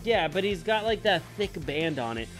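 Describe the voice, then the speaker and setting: Young male co-host, loose jokey rambler, slightly high voice, soft music bed. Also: very animated, moderate pace. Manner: rambling, filler-heavy, jokey. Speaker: podcast co-host. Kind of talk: casual chat.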